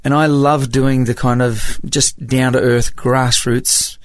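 A man's voice: medium pitch, little pitch movement, slow pace, no room sound. A middle-aged Australian man with a slight American tinge to his accent, a music evangelist telling stories in an interview, chatty and full of restarts. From Papua New Guinea. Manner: chatty, hesitant restarts, laughs while telling. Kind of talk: storytelling interview.

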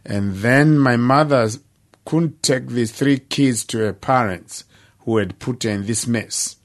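An older man tells his life story at a middling pitch. He speaks earnestly and plainly, pausing for weight between phrases. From Zimbabwe. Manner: earnest, plain-spoken storytelling with dramatic pauses. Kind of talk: personal testimony.

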